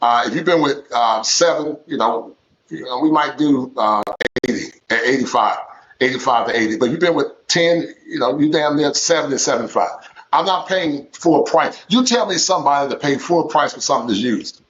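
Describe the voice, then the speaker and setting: A man's voice: mid-range voice, moderate pace, fairly bright tone. A man speaks as a guest in a casual live-stream conversation. He is emphatic and keeps repeating words and phrases to drive his points home. His voice comes through dull, lo-fi stream audio.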